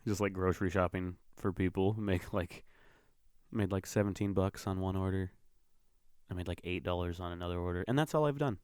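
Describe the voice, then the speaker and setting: A young man tells a long, meandering story on his own podcast, swearing freely and circling back with fillers. His voice sits a bit low and comes across smooth and clear. The sound is dry and close. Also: a little fast, darkish tone, no room sound. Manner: rambling, profane storytelling with fillers. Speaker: podcast host. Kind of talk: casual monologue.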